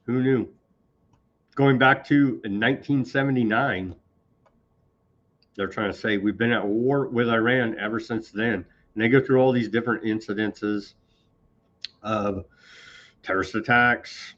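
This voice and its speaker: A man's voice: fairly low pitch, unhurried, long pauses, a bit bright. A man hosting a live news show, reading posts aloud and commenting with sarcasm and indignation. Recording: slightly dull lo-fi sound.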